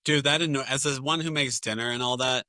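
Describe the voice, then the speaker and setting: Bright-voiced dad in casual podcast chat. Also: male voice, mid-range voice, quick pace, no room sound. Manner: chatty storytelling that acts out family quotes. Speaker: podcast co-host or guest.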